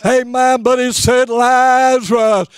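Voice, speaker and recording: High-voiced preacher, slow and fervent. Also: male voice, smooth, no echo, studio quality. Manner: drawn-out fervent preaching with frequent "amen" and "I". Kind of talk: sermon.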